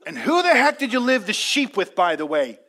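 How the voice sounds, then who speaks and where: A preacher acting out a jealous, bossy older brother. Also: male voice, extremely high pitch, big pitch swings, a little fast, sharp tone, voice pushed up, heavily acted. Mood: scolding. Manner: scolding, mocking.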